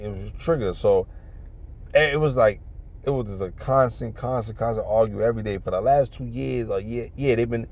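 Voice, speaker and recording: Gravelly streetwise man preaching. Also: lowish voice, dark tone. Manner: profane, streetwise, fills talk with "man" and "you know what I'm saying"; earnest religious exhortation. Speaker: vlogger giving life advice. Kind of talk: casual storytelling and preaching.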